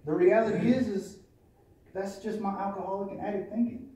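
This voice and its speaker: A man's voice: sits high, fairly even intonation, fairly quick, warm tone. A man giving a candid, profane personal testimony at a recovery meeting, in a plainspoken storytelling manner. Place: meeting room. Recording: echoey room from a distance.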